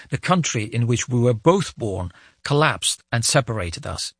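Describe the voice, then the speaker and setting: A man in his forties tells a personal story from a script, reflective and unhurried. His voice is mid-pitched and husky, recorded close and dry. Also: dry recording. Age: 40s. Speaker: correspondent. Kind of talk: scripted first-person radio essay.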